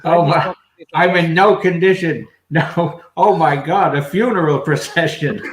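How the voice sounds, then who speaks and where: A man's voice: on the high side, unhurried, natural voice. A man playing a bumbling, awkward male noir detective in live improv comedy, talking in hard-boiled 1940s slang. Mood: panicked. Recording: echoey, noisy live stream.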